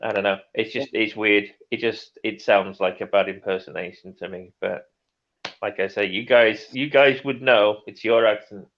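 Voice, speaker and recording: A man's voice: fairly low pitch, steady tone, moderate pace. A British man in his forties hosting a casual live-stream chat, rambling and hesitant with lots of ums. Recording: muffled lo-fi audio.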